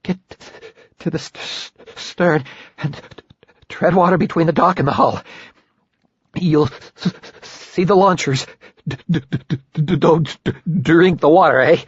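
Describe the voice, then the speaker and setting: A man's voice: fairly high pitch, unhurried, long pauses, breathy edge, no echo, voice pushed up. A man voicing a shivering male smuggler who stutters through chattering teeth in an audiobook. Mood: shivering, urgent. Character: shivering male smuggler, wiry, wry and daring. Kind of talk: audiobook character voice. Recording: dull lo-fi recording.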